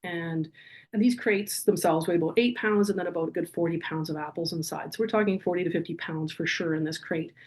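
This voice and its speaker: Guest, middle-aged woman, lower register, earnest and vivid storyteller. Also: fairly quick, a little mellow. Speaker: podcast guest. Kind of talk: personal storytelling in an interview.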